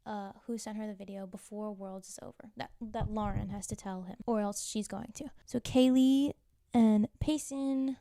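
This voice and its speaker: A woman's voice: mid-range voice, fairly even intonation, normal speed, vocal fry, warm tone, no room sound, clean studio sound. A woman recapping TV episodes in a chatty, wry way, full of casual filler and teasing asides. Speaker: TV show recapper.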